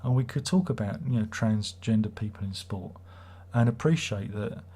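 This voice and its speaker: A man's voice: fairly low pitch, normal speed, dark tone, breathy edge. A man hosting a casual livestream, rambling and swearing as he reads viewer comments aloud. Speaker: livestream host.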